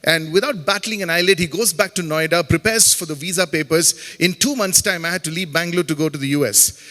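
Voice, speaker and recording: Fairly high-pitched, fast, and sharp, this voice belongs to a middle-aged Chennai man with an Indian English accent. As a guest speaker in a campus auditorium full of long reverb, he mixes faith with humor and tosses playful remarks at the crowd.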